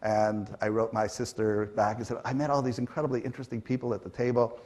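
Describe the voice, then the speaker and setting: Speaking fast in a mid-range voice, a middle-aged man from Canada tells stories conversationally as a panel guest on stage. His manner is animated, with acted-out quotes and lots of fillers.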